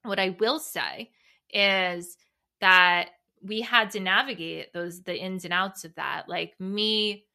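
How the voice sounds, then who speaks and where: Bright-voiced woman hosting a candid podcast. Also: mid-range voice, steady tone, takes it slowly, gravelly. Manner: candid, reflective, speaks in loose restarts. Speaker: podcast host. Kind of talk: solo podcast monologue.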